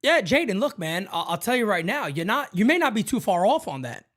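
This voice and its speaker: Animated man hosting a fan call-in show. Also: sits high, a little fast. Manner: animated, repetitive, slangy. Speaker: host taking fan calls. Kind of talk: casual fan talk show.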